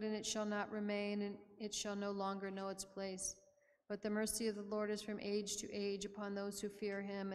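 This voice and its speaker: A woman reading psalms aloud in a steady, measured liturgical recitation during a church service. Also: medium pitch. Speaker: reader of psalms. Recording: long church reverb.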